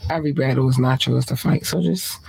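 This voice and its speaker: A man hosting a podcast, closing the show with playful, animated talk, casual swearing and sing-song repeats. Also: mid-range voice, brisk, creaky, slight background noise. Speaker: podcast host.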